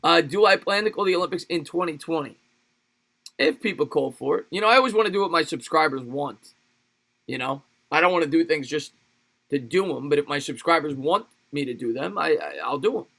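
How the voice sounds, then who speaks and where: Bright-voiced man calling football on a livestream. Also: a little high, brisk, creaky. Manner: energetic, laughs often, reads viewer comments aloud. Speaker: livestream sports play-by-play host. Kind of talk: play-by-play commentary mixed with live chat replies.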